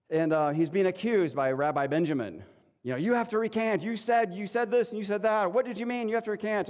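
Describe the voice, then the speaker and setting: Guy preaching a laid-back sermon, kinda high voice, acts out little voices, echoing church hall. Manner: casual and animated, acting out quick voices. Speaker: pastor. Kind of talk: conversational sermon. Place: church sanctuary. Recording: long hall reverb.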